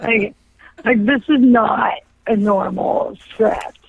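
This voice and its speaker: A woman in her thirties, a guest actress, telling stories in a quick, chatty way full of fillers. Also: medium pitch, gravelly. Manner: chatty, fast, filler-heavy storytelling with frequent likes. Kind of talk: casual interview chat. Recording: dry tinny phone line.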